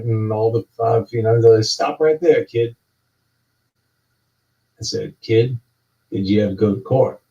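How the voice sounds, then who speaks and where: A man telling a long, rambling, repetitive spoken-word story that builds up to excited yelling. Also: mid-range voice. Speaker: storyteller performing a talking monologue. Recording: distant, dull lo-fi recording.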